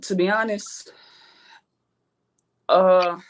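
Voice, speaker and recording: Drawing out her words in a steady tone, a woman with a fairly low voice chats in a casual interview. She's a rapper from Houston, Texas, with a Southern accent, relaxed, slangy, and quick to curse.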